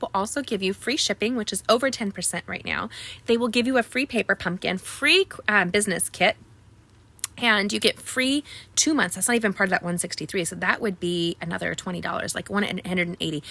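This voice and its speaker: Female craft tutorial host: chatty, rambling, filler-heavy, with a sharp tone and a gravelly edge. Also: fairly quick. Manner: chatty and rambling, many ums; upbeat sales pitch to viewers. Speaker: card making tutorial host. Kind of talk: casual live craft tutorial.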